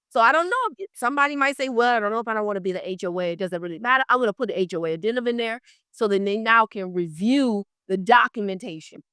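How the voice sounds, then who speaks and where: An energetic woman leads a live training class and speaks straight to her students. Her voice sits fairly high and sounds bright and forceful. The recording is dry and close. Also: no echo. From South Florida. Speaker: real estate trainer.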